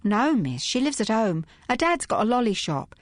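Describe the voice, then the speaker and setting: A prim young housemaid, earnest and respectful, her voice lifted higher than her reader's own, as a woman puts her on. Dry and close, with a fuller, lively lilt. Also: moderate pace, no echo. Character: young working-class maid, prim and earnest.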